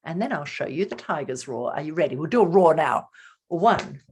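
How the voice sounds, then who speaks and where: A woman's voice: deep voice, lively intonation, normal speed, slight background noise. A woman author reading her picture book aloud to children, theatrical and addressing the young listeners directly.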